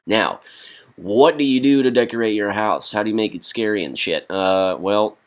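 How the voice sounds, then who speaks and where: A young man delivering a deadpan comedy monologue, halting and full of fillers. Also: on the low side. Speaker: comedy vlogger.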